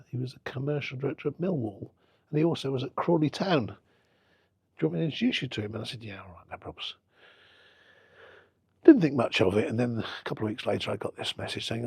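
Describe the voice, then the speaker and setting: A man's voice: medium pitch, fairly quick, gravelly, husky, no room sound. A middle-aged man, a football club owner telling stories in a casual interview and acting out the conversations he recalls. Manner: animated anecdote-telling, acting out quoted exchanges.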